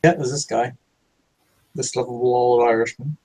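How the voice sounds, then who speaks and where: A man's voice: medium pitch, fairly even intonation, normal speed, a little mellow, dry recording, low-quality recording. A man player in a tabletop role-playing game, describing a character in a casual, descriptive way.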